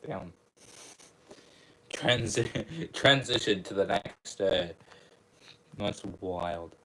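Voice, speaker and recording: A young man reading a book aloud at a slow, unhurried pace, his voice sitting low. He often trips over words and corrects himself, then breaks off into amused asides. The feel is a casual read-along for an online channel. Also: expressive, fairly bright tone, low-quality recording. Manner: stumbling, self-correcting, laughing asides.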